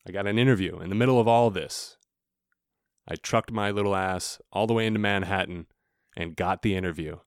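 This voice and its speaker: A man's voice: deep voice, brisk, no echo, clean studio sound. A young man hosting a podcast, telling a casual, laughing story full of swearing. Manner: laughing, animated storytelling with profanity. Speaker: podcast host.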